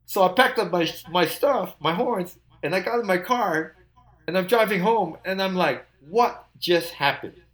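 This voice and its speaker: An older man, a musician guest, telling an animated story, laughing often and acting out the quotes. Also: high-pitched, moderate pace.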